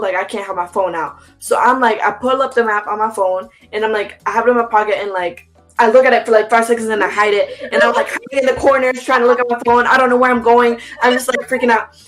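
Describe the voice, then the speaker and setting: A woman's voice: a little high, faint music behind, rough recording. A young woman, an interview guest, telling a story in casual chat with slang and acted-out quotes. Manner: animated, fast slangy storytelling with reenacted quotes.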